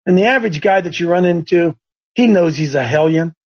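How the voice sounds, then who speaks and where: A man hosting a faith talk show, telling a story in an animated, stumbling, repetitive way. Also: high-pitched, brisk, lo-fi sound. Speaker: host.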